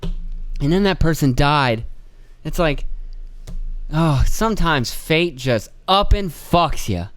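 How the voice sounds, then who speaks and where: A man's voice: on the high side, animated, slow pace, long pauses, a bit bright. A man hosting a podcast in a casual comedic rant, swearing often and rambling from story to story. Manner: profane, rambling, acts out voices. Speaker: podcast host.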